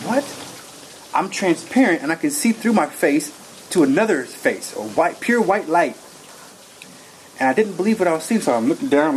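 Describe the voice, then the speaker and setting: A man telling a personal story in an interview. He rambles in an animated way and acts out his own lines as he goes. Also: on the high side. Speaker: interview guest. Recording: noisy recording.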